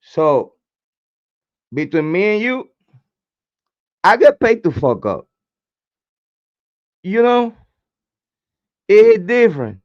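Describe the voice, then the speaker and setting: A hoarse man runs his true crime livestream in a slow, drawn-out delivery that sits fairly high for a man. He curses constantly and repeats hype chants to his chat. The audio comes through a dull, lo-fi desk mic. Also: very animated. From Puerto Rico. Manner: profane, repetitive hype chants. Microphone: desk microphone, camera off.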